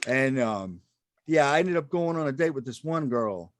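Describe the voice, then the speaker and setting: A man doing a stand-up comedy set on a club stage, self-deprecating and halting, with many ums and restarts. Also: mid-range voice, lively intonation, slight background noise.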